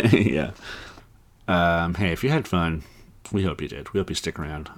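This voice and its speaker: A man's voice: low voice, expressive. A man co-hosting a comedy podcast, riffing playfully and laughing often as he brainstorms. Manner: playful, laughs often, puts on quick silly voices. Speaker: podcast co-host. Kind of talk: casual comedic brainstorm chat.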